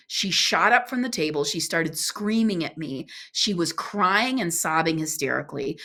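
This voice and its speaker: A woman appearing as a guest on a podcast shares a personal travel story with earnest animation, acting out what people said. She has a mid-range voice.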